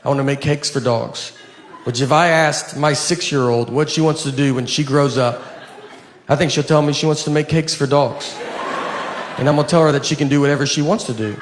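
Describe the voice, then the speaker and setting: A man delivers stand-up with dry, meandering storytelling and a slightly raised pitch. The sound rings with the long reverb of a large hall, over a faint hiss of noise. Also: fairly even intonation, a little fast. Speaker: stand-up comedian. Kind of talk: stand-up comedy routine.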